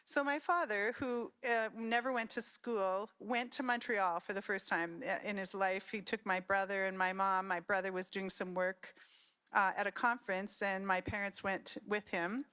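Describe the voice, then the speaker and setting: A woman's voice: mid-range voice, normal speed, clean tone. Storytelling woman at a conference. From Saskatchewan, Canada. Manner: storytelling, animated quoting of relatives. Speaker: conference speaker. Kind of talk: conference talk with personal stories.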